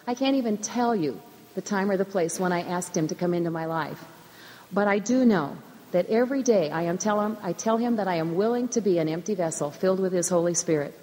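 A middle-aged woman who teaches school, giving a measured, earnest personal faith testimony in a church. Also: fairly low pitch, mellow. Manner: earnest, measured, emphatic repetitions. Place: church sanctuary. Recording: long church hall reverb.

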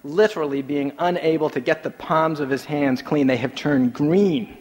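Pastor guy preaching, jokey storyteller, kinda high voice, long church echo. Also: normal speed, highs cut off. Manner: animated storytelling with humor, swinging between soft and emphatic. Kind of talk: sermon.

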